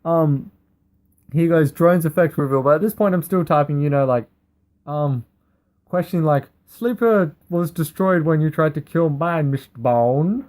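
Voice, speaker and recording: A man's voice: on the high side, unhurried. A man giving casual, rambling commentary over a replay of a card game duel, often laughing as he goes. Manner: rambling, giggly, excitable.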